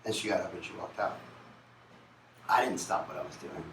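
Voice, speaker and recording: A man's voice: low-pitched, brisk, a bit bright, a little hiss or hum. A man, a singer, telling a candid and confessional story on a concert stage, recorded in an echoey venue from a distant mic.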